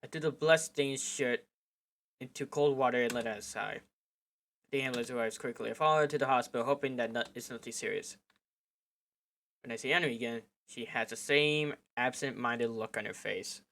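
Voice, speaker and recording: A man reading a visual novel aloud for his gaming channel, breaking off now and then to react with loud swearing. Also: mid-range voice, brisk, creaky. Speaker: gaming video creator.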